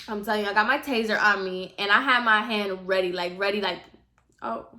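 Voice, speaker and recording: A woman's voice: mid-range voice, a little fast, bright, forceful tone. A woman telling a storytime on her vlog, chatty and casual, using "like" a lot and talking straight to her viewers. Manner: chatty, heavy use of "like", addresses viewers directly. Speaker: vlogger.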